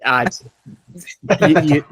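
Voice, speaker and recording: A man's voice: on the high side, a bit bright, breathy edge, no echo. Playful man hosting a podcast game, dry sound. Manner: playful, laughs often, quick asides. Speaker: game show host.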